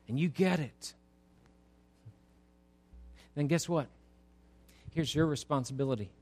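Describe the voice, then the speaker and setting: A man preaching a sermon as pastor, swinging from loud exhortation to soft pleading, speaking to a church congregation. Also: medium pitch. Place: church sanctuary.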